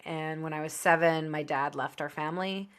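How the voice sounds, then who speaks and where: A woman in her thirties, a podcast guest, telling her personal story in an open, conversational way with quick asides. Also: sits low, fairly even intonation, a bit bright, smooth.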